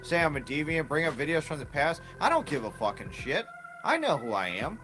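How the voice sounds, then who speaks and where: A man's voice: on the high side, sing-song, brisk, over music. A man livestreaming an angry, profane, confrontational rant at people who talk about him.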